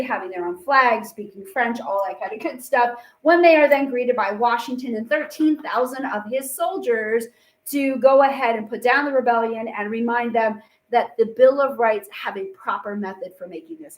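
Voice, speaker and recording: A woman teacher giving a casual, chatty history lecture, full of fillers and playful asides. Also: fairly high pitch. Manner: chatty, acts out quotes with fillers.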